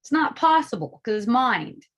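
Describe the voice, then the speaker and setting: A middle-aged woman giving a casual spiritual talk, animated and profane, laughing often as she speaks. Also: on the high side, normal speed. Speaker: spiritual teacher.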